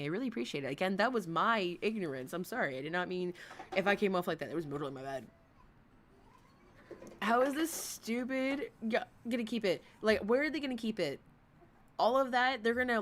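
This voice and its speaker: A woman hosting a livestream, reacting to a clip in blunt, profane, animated casual chat. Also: medium pitch, a little hiss or hum.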